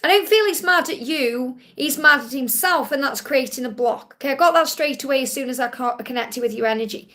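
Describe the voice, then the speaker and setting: High-voiced woman giving live spiritual readings. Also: brisk, hardly any pauses, fairly bright tone. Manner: reassuring, repeats key points, calls viewers honey. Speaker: spiritual reader hosting a live Q&A.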